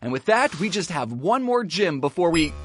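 A man's voice: on the high side, sing-song, moderate pace, slight background noise. A man giving jokey, playful narration over his video game playthrough, often talking to his characters. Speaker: gaming YouTuber. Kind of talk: comedic gameplay narration.

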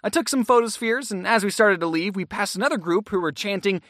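A man narrating a comedic scripted story with jokey, deadpan asides. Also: high-pitched, fast talker, few pauses, no echo, studio quality. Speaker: animation storytime creator.

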